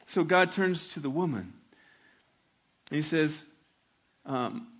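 A pastor preaching a sermon with animated delivery, swinging from loud emphasis to hushed, slow reflection. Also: male voice, on the high side.

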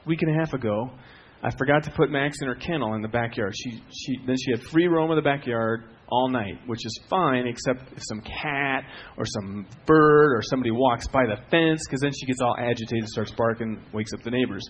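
A middle-aged man preaching a sermon as a pastor, telling stories with swings from hushed to loud. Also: medium pitch, fairly quick, few pauses, breathy edge, highs cut off.

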